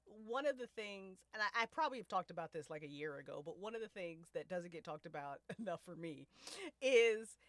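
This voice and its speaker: A woman hosting a casual podcast chat as the show's writer, animated and profane, often laughing. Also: on the low side, brisk, dry recording. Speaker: podcast writer and cast host.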